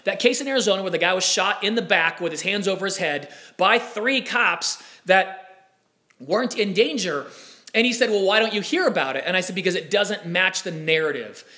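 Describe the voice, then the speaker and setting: A young man hosts a live talk show. He speaks with heated, animated energy and keeps breaking off into asides. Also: high-pitched, normal speed. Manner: impassioned, animated, with frequent asides.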